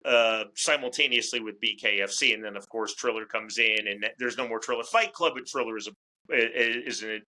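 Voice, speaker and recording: A man talking as a guest in a casual interview, chatty and quick to restart his words. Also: mid-range voice, pushed and bright, rough recording. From United States. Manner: talkative, repeats words as he restarts. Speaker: fight commentator, interview guest.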